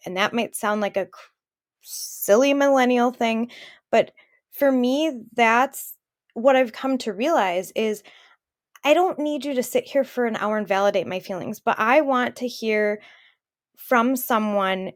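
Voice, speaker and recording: On the high side and lively in intonation, this unhurried voice belongs to a podcast co-host in her thirties. She tells personal stories in casual chat, candid and emotional throughout.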